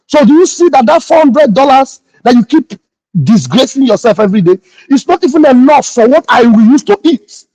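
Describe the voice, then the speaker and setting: A man's voice: extremely high pitch, animated, fairly quick, darkish tone, no room sound, poor audio. A man, a pastor hosting a morning livestream, scolding his critics indignantly and repeating his phrases. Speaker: pastor and online host.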